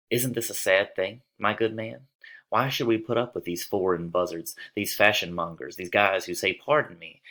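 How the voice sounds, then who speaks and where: A man's voice: fairly low pitch, sharp tone. A man reading the part of a witty, mocking young nobleman. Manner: scornful, rapid joking.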